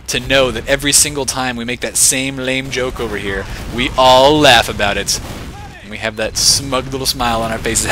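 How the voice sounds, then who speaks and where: A man calls a competitive game match live in play-by-play style, with a bright, forceful tone. He stays excitable and throws in joking asides. His pitch sits in an ordinary middle range, with a faint hiss of noise underneath. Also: normal speed. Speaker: esports shoutcaster.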